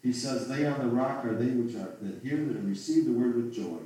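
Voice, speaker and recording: Heard through a distant mic with roomy echo, a man delivers a sermon in a dark-toned, medium-pitched voice at a fairly quick pace. He reads King James scripture aloud and then pleads with rhetorical questions.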